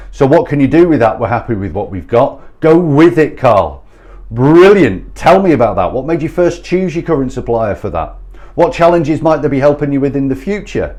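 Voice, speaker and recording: Blunt sales trainer ranting. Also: male voice, medium pitch, a little mellow. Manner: blunt, exasperated, sweary. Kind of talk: ranting direct-to-camera address.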